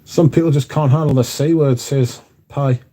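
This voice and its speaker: A man's voice: mid-range voice, fairly even intonation, normal speed, mellow. A man hosting a casual livestream, chatting and reading out viewer comments, swearing freely. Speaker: livestream host reading chat. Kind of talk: casual chat.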